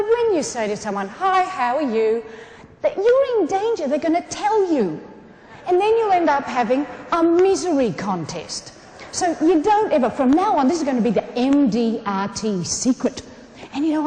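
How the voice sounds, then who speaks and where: An Australian woman speaks from a conference stage in a high, very lively voice. She delivers a humorous motivational keynote and talks straight to the crowd. The sound is roomy and echoes like a large hall. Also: moderate pace. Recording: echoey conference hall, some room noise.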